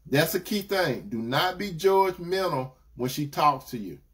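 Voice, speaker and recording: A man's voice: fairly high pitch, lively intonation, measured pace, fairly bright tone. A man, giving a preacherly relationship talk and repeating key lines as he addresses brothers and sisters. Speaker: relationship teacher. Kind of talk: live-streamed preaching talk.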